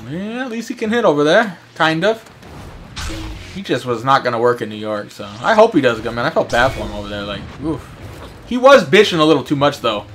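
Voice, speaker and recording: A man's voice: medium pitch, very animated, a little fast, fairly bright tone. A young man streaming a game, chatting casually, swearing and joking, slipping into silly put-on voices. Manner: profane, rowdy, swings into put-on voices. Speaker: gaming streamer. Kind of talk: casual live game commentary. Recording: faint music behind.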